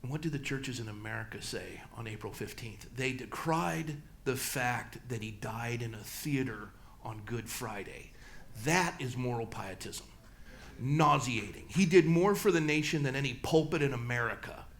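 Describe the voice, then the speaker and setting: A middle-aged man, a pastor speaking in a church, talking emphatically and swinging between loud peaks and low, slow passages. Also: expressive, gravelly. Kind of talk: church talk and Q&A answer. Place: church hall.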